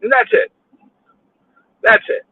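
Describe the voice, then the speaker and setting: A man ranting alone in his car while stuck in traffic, exasperated and repeating himself as he swears. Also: slow pace. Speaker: vlogger ranting while driving. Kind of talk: angry live-streamed rant. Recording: tinny phone-like audio.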